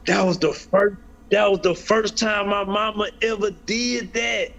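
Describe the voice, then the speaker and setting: A man's voice: high-pitched, steady tone, unhurried, creaky, a bit bright, highs cut off. A man telling a personal story in an interview, earnest, often repeating and restarting phrases. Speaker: guest speaker.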